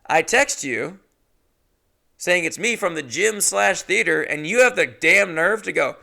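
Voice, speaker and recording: A young adult man hosts his podcast and tells a comic story on his own, his voice bright and edged with gravel. He rants indignantly and jumps into squeaky mock voices to quote people, his pitch swinging widely all the time. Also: unhurried. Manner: animated, indignant, mimics voices in exaggerated high pitch. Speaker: podcast host. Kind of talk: solo comedic storytelling.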